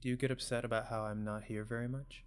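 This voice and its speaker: A man voicing a gentle, tired father speaking softly and tenderly to his daughter. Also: medium pitch, little pitch movement, quick pace, slight background noise, lightly acted. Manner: soft, quiet, tender.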